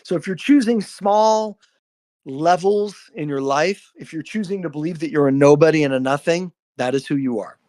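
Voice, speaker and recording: Speaking at normal speed, this live-stream host has a fairly high pitch and a darkish tone. He delivers an earnest, profane spiritual monologue, repeatedly asking "right?"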